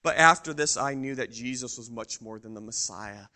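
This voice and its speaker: A man acting out the apostle Peter as a bold, proud fisherman, telling his story in a first-person Bible monologue that swings between hushed awe and loud boasting. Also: medium pitch, moderate pace. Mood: hushed, awed. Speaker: preacher in character.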